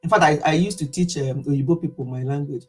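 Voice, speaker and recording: A woman's voice: low-pitched, brisk, slightly rough. A Nigerian woman in her fifties, chatting animatedly to camera in a casual vlog monologue and laughing easily. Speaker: vlogger.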